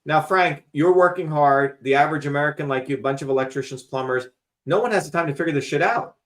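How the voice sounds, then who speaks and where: A man's voice: a little high, fast talker. A man hosting a talk show, lecturing emphatically in casual conversation and cursing freely. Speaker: host.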